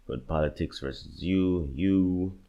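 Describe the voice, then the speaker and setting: A man's voice: low-pitched, slow, muffled recording. A young man in casual reaction commentary, agonizing over picks between songs, swearing and muttering to himself. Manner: agonized, swears often, talks to himself while choosing. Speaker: music bracket creator.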